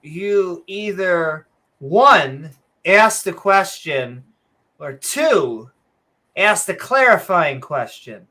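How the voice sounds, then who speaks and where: Slow, bright-voiced joking woman host. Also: lowish voice, expressive. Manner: joking, rambling, chuckling asides. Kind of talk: casual livestream chat.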